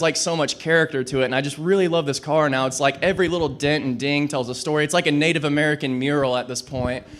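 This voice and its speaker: A man's voice: a little high, a bit bright, slight background noise. Rambling young male stand-up comic. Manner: rambling, self-deprecating, lots of "like". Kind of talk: stand-up comedy set. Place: small club stage at an open mic.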